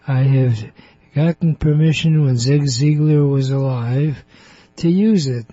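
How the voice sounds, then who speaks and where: A man hosting a radio interview show, talking slowly in a chatty way and laughing often. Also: mid-range voice, dark tone, no room sound. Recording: muffled radio broadcast.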